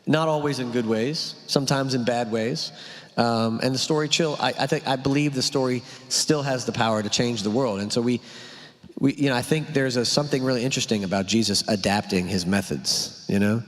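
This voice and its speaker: A man's voice: mid-range voice, a little fast. A male pastor, talking through a sermon in a conversational way, full of rhetorical questions and "right?". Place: church hall. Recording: long hall reverb.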